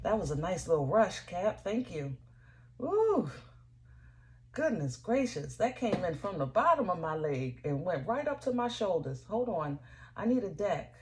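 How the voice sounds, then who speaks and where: Female tarot reader, casual and chatty, husky-breathy tone, fumbles for words and repeats lines. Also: fairly low pitch, sing-song, a little slow.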